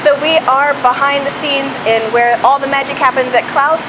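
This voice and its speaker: A woman's voice: high voice, fairly even intonation, normal speed, background noise. A woman hosting a beer show, bubbly and upbeat as she introduces a look behind the scenes. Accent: American. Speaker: co-host. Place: brewery.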